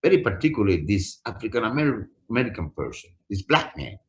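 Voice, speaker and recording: Lively man telling his story. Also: lowish voice, quick pace. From Puerto Rico. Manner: emotional storyteller, repeats phrases for emphasis. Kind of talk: personal testimony on a webinar. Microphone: video call.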